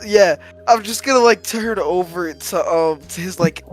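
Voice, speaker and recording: A man playing a tabletop game, rambling, halting and laughing between words. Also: sits high, faint music behind. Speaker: player. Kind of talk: casual tabletop game chat.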